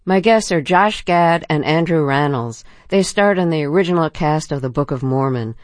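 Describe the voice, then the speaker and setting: A woman hosting a radio interview, asking curious, measured questions. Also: low voice, lively intonation, no room sound, clean studio sound.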